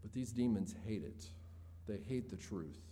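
A man preaching with a mellow, darker voice. He explains the scripture earnestly and lifts his voice on key points. The sound carries the long reverb of a large hall. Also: on the low side, animated, normal speed, slight background noise. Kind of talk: sermon.

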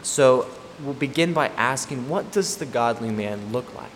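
A man's voice: medium pitch, expressive, a little slow. Male preacher, emphatic and repetitive, long hall reverb with faint room hiss. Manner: emphatic, repeats key points. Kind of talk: expository sermon.

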